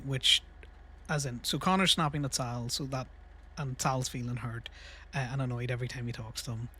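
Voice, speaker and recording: A man's voice: mid-range voice, normal speed, long pauses, sharp tone. A young man casually rambling through a story while livestreaming a game, laughing and swearing freely. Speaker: streamer.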